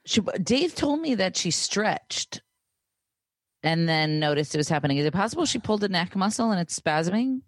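A woman's voice: fairly low pitch, very animated, moderate pace, no room sound. Dry-voiced teasing woman co-host. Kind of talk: casual chat.

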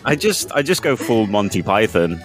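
Casting: male podcast guest, mid pitch, very lively delivery, joking and casual. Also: moderate pace, faint music behind. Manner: animated, joking, casual swearing. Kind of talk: casual chat.

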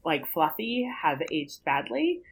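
A woman co-hosting a podcast in casual chat, enthusiastic and quick to laugh. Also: deep voice, very animated, slightly rough, poor audio. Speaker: podcast co-host.

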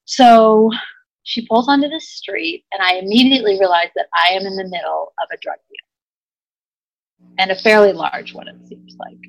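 A woman's voice: a little high, fairly bright tone, no echo, rough recording. A woman, an improv actor, telling a wild personal story in a chatty way, full of "like" and acted-out quotes. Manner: chatty, lots of "like", acts out quotes. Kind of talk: animated personal anecdote.

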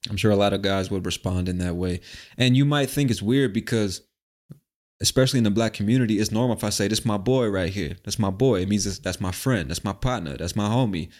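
A man's voice: fairly low pitch, fast talker. A man from the United States talking casually and profanely as host of a podcast monologue. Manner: relaxed, profane, conversational.

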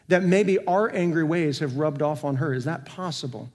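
Higher-voiced male pastor, earnest sermon delivery, reverberant church sound. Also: moderate pace. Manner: earnest preaching with rhetorical questions, swinging between emphatic and soft. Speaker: senior pastor. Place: church sanctuary. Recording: long hall reverb.

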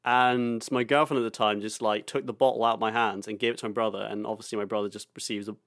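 A man's voice: fairly low pitch, fairly even intonation, fast, a bit bright, no echo, studio quality. Rambling, laughing young man telling stories. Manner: rambling, laughing, sweary and self-mocking. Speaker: podcast co-host. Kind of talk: casual chat, storytelling.

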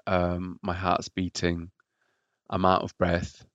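A man's voice: low voice, monotone, slow pace, a bit bright, smooth, dry recording, dull audio. A man telling his own story as a podcast guest, hesitant and often repeating words. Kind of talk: personal story in a podcast interview.

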